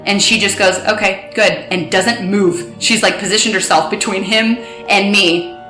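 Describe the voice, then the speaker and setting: A young woman recounting a painful personal story in a halting way, acting out bits of dialogue. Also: medium pitch, fairly even intonation, bright, forceful tone, faint music behind. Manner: halting, replays dialogue in quotes. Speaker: guest recounting her story. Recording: roomy echo.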